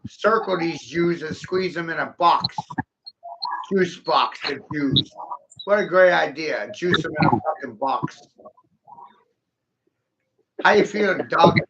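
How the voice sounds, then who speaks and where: A man with a high, gravelly voice rants in a hostile, taunting way, jeering and sneering line after line. The sound is muffled and lo-fi. A steady hiss of noise sits under him. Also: slow, long pauses. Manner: aggressive, mocking, taunting, profane. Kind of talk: solo taunting rant to camera.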